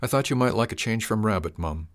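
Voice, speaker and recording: A man's voice: lowish voice, lively intonation, fast talker, no echo, clean studio sound, natural voice. A man voicing a polite, caring young village hunter who speaks respectfully and earnestly.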